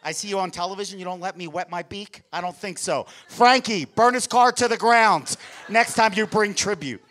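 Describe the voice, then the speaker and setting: A man voicing a four-year-old boy who acts like a mob boss, with a low gravelly gangster drawl. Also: fairly even intonation, fast talker, a bit bright. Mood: menacing. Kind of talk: stand-up comedy impression.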